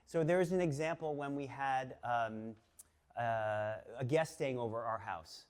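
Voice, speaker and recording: A man in his fifties from the Boston area, telling a personal story to a live audience in a chatty, animated way with many fillers and restarts. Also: medium pitch, unhurried, clear, resonant tone. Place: stage before a live audience.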